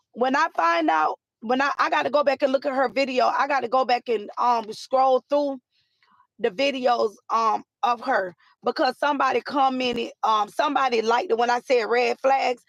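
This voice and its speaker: A woman hosting a casual live chat with viewers, animated and repetitive, with many fillers. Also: on the high side, vocal fry, no room sound. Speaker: live stream host.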